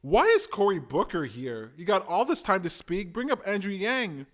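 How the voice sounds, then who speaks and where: A man hosting a live stream, giving opinionated, animated commentary and reading out viewer comments. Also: high-pitched, moderate pace. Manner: opinionated, animated, talks to chat.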